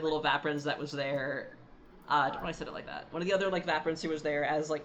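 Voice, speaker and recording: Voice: medium pitch, slight background noise. A game master casually narrating a tabletop role-playing game with fillers and laughter.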